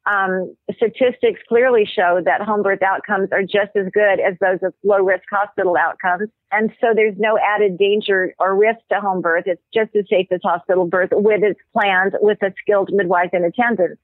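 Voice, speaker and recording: A woman, a medical anthropologist guest, explaining ideas and telling stories in a measured way with thoughtful pauses. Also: medium pitch, fairly even intonation, no echo. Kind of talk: explanatory interview talk. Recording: tinny phone-line audio.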